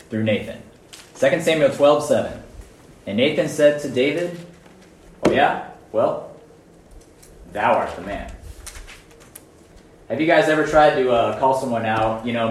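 A man preaching a casual sermon to a small group, conversational and animated, often checking in with his listeners. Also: mid-range voice, a little hiss or hum. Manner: conversational, animated, frequent "right?" and "guys". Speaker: youth preacher. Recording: echoey room, mic at a distance.

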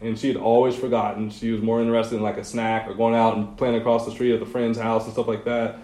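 A man's voice: lowish voice, flat delivery, quick pace, mellow. A man preaching to a youth group, casual and conversational, telling personal stories with slangy asides. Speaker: youth pastor. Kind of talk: sermon. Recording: echoey room.

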